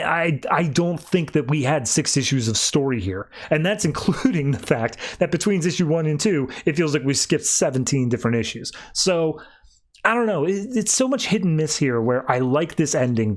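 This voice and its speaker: A young man hosting a podcast, recapping and reviewing comics in a rambling, casual way with lots of fillers. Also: a little high. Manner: rambling, filler-heavy, quotes characters in a lifted voice.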